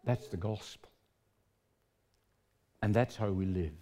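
A man preaching a sermon, telling a story dramatically and slowing for emphasis. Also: on the low side, mellow.

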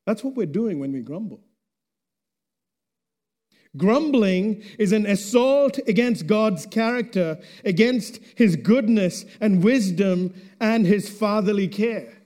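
A man preaching a sermon, slow and deliberate, letting his voice drop low and quiet at the end of phrases. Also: expressive. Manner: slow and deliberate, dropping to a hush at phrase ends.

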